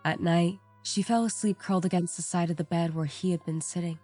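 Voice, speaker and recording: A woman reading a first-person horror story aloud in a measured, somber storytelling manner. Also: lowish voice, fairly even intonation, warm tone. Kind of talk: scripted narration. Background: faint background music.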